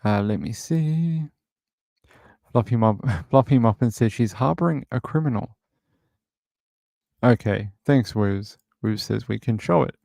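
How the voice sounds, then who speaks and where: A man's voice: mid-range voice, expressive, measured pace, gravelly, pauses often, mellow, dry recording, studio quality. A man hosting a livestream, casually chatting and rambling with many filler words as he reads out viewer comments. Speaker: livestream host.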